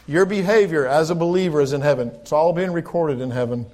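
High-voiced man preaching a sermon. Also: lively intonation. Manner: rises to loud, slow, emphatic preaching when reading scripture; conversational asides between quoted verses. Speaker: pastor. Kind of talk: sermon with scripture reading.

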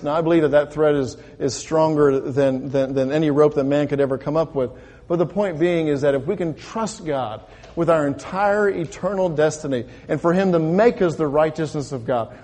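A man preaching to his congregation in a relaxed, conversational sermon, tossing out rhetorical questions and doubling back on his words. His voice sits high for a man. The sound carries the long reverb of a church sanctuary. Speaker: pastor.

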